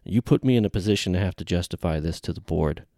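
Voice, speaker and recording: Man doing a stern team leader, barking, commanding, gravelly, loud. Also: deep voice, fast, dry recording, clean studio sound. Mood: angry. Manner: barking orders.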